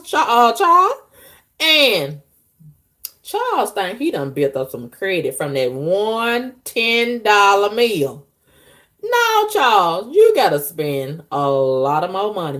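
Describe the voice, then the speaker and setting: Woman vlogging her drama, cussing a lot, lowish voice that jumps all over the place. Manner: blunt, profane and animated, with frequent exclamations. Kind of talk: casual storytelling to viewers.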